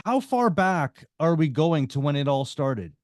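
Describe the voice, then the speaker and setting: A man's voice: fairly high pitch, very animated, a little mellow, no room sound. Friendly podcast host man, dry sound. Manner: friendly, measured questions with restarts. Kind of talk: podcast interview.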